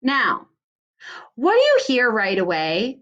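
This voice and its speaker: A woman's voice: a little high, huge pitch swings, slow, fairly bright tone, dull audio. A woman teacher giving a recorded lesson to young children, stretching out syllables in a sing-song way. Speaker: second grade teacher.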